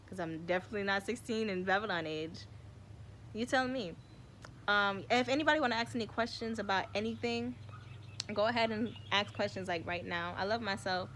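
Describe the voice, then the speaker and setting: Her voice is medium-pitched and a bit bright, running a little fast against slight background noise. The speaker, a woman in her twenties, vlogs a casual spiritual chat for her viewers, rambling with lots of "like" and "y'all" and sometimes nearly crying.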